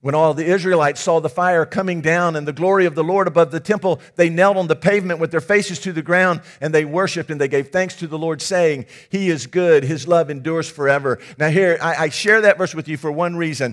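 A man preaching a sermon to his congregation, swinging from hushed passages to loud, emphatic ones with folksy asides. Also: fairly high pitch, a little fast, few pauses. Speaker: pastor.

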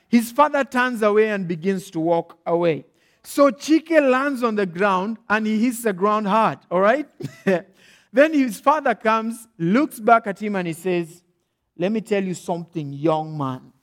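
A preacher with a Kenyan accent tells stories as he preaches, lively and direct. His voice sits fairly high for a man. He keeps checking in with his listeners. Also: unhurried. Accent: Kenyan English. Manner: animated, checks in often with "all right?". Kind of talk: storytelling sermon.

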